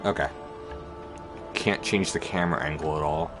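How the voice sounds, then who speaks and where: Laid-back deep-voiced male streamer. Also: normal speed, music in the background. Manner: laid-back, rambling, lots of fillers. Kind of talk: casual live-stream commentary.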